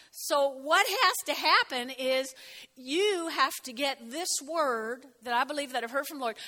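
A woman pastor preaching a lively sermon, chatty and animated, joking and laughing with her congregation. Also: sits high. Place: church hall. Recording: long hall reverb. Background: congregation shouting out.

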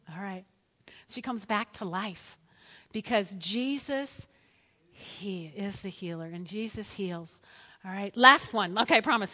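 Bright-voiced woman preaching in a hall. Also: a little high. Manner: animated storytelling, acting out quotes. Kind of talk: lively sermon.

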